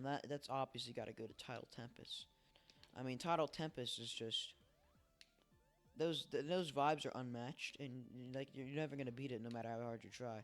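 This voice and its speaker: Smooth-voiced man rambling over gameplay. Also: medium pitch. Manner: rambling, self-deprecating, talks to himself while playing. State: tired, early morning. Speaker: let's play host. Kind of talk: casual gameplay commentary. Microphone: desk microphone.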